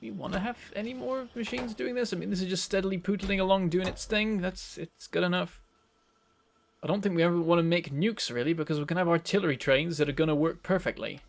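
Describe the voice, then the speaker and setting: A man from northern England with a softened northern English accent, rambling and chatty as he streams a game. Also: high-pitched, fast, vocal fry. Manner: rambling, chatty, self-correcting. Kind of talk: casual live-stream game commentary.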